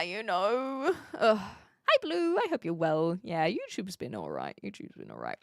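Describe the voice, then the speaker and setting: Lively woman with a mixed Kiwi-Aussie accent. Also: medium pitch, unhurried, gravelly, no room sound, studio quality. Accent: mixed New Zealand with an occasional Australian twang. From New Zealand. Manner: chatty and playful, with lively swings between a soft mumble and bright exclaiming. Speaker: streamer. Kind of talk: casual livestream chat, reading out viewer comments.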